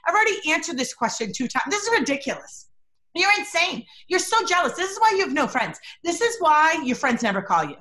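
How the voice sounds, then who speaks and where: A woman's voice: very animated, brisk, bright, forceful tone, full character voice. Woman acting as an indignant spouse snapping back. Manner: indignant, accusing, rising pitch. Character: defensive lying spouse lashing out angrily.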